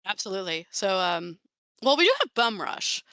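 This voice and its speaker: A woman's voice: medium pitch, big pitch swings, normal speed, sharp tone, dry recording. A woman commentating a charity game stream in a giggly, chatty way, on a headset mic.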